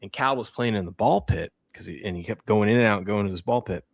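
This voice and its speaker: A man in his thirties hosting a casual talk show, telling animated stories about his kids. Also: fairly low pitch, quick pace, dry recording, clean studio sound. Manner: animated storyteller, acts out a toddler's shrieks. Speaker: podcast host. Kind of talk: casual chat.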